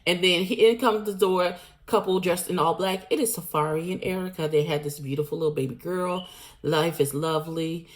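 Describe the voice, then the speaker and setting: Woman vlogger, slightly low voice; blunt, slangy, animated recap delivery. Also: fairly quick. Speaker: vlogger recapping a reality show. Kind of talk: casual recap monologue.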